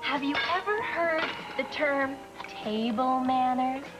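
An actress playing an excitable, chatty young woman in a 1980s daytime soap, rambling on breathlessly. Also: high-pitched, takes it slowly, loud music behind the voice, poor audio.

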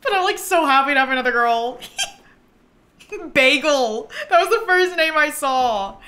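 A woman hosting a gameplay livestream, chatting to viewers, giggly and easily excited, thanking them for subscriptions. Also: sits high, slow pace, pauses often. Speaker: livestream host.

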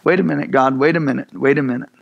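A man preaching a sermon as pastor, repeating phrases and building to loud emphatic peaks. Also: mid-range voice, steady tone, very fast, gravelly, muffled recording, slight background noise. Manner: repetitive, stammering restarts, rising to loud emphatic peaks; acts out voices of Moses and God in dialogue.

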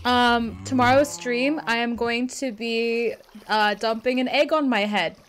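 A woman streamer giving excitable, swear-laden let's play commentary. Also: fairly high pitch, measured pace, a little hiss or hum. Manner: excitable, swears, laughs often.

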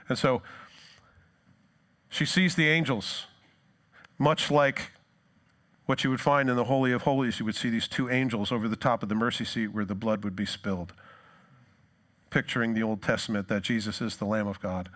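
A male pastor preaching a sermon, retelling scripture in a lively storytelling way and briefly acting out the people in it. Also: on the low side, moderate pace, pauses often. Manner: animated storytelling, acts out quoted lines.

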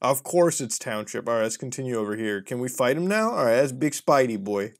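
A male gaming host talking through mobile games in a loose, unscripted way. His pitch swings widely as he jumps between mocking asides and loud outbursts, swearing freely and laughing often. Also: fairly quick, vocal fry. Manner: profane, excitable, often laughing. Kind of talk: casual gaming commentary.

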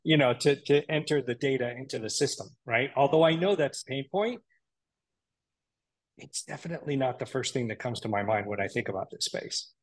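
A man's voice: mid-range voice, fairly quick. A man hosts an interview show and thinks his ideas through aloud. His delivery is musing and thoughtful, with frequent fillers as he works toward his point. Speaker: podcast host. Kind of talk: interview conversation.

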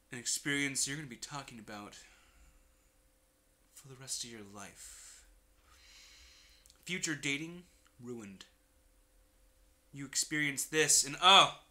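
A man's voice: mid-range voice, slow pace, pauses often, sharp tone. A man giving casual, rambling gaming commentary full of crude joking asides. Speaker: let's play streamer.

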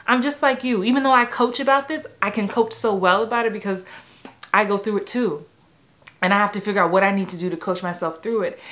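A woman in her forties from New York tells stories about growing up in her own vlog. She talks in an animated way and laughs easily. Now and then she breaks into the voices of people from her memories. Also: medium pitch. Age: 40s. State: a little emotional. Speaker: acting coach. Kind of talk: personal storytelling vlog.

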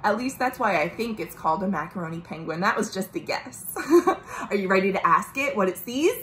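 A woman librarian reading a picture book aloud to young children at home, gentle and sing-song, asking the little listeners questions. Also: medium pitch, animated, moderate pace, reverberant, a little hiss or hum. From United States. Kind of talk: storytime read-aloud for children.

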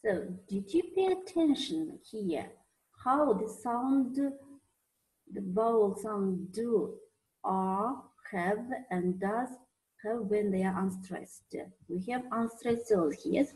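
Slow-talking woman teacher. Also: fairly high pitch, mellow, rough recording. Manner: hesitant, many fillers and restarts. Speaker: university English teacher. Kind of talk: recorded online lesson.

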